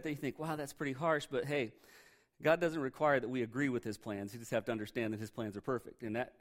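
A man preaching a sermon, reading scripture aloud and retelling it in a conversational, animated way with joking asides. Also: medium pitch. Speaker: pastor.

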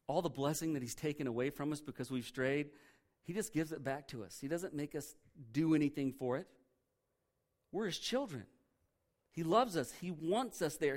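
A man gives a sermon as pastor, emphatic and sincere. He circles back to key phrases and lets his voice drop softly low on the points he stresses.

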